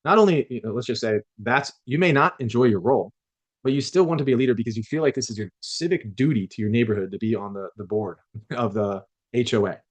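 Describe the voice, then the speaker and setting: A man lecturing a class on leadership, talking quickly in a loose, conversational way. He stumbles into restarts and acts out little quoted exchanges to make his points. His voice sits at an ordinary pitch for a man.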